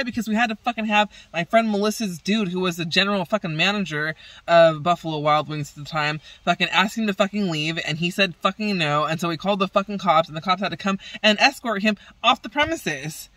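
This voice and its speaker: A woman vents to her camera in a rambling, exasperated way, swearing constantly. Her voice has a bright, forceful edge. She sits a little back from the mic in a dry, dead-sounding space. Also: lowish voice, no echo, recorded from a distance, rough recording. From Southern California. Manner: rambling, heavily profane, exasperated. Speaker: vlogger. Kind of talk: casual venting vlog.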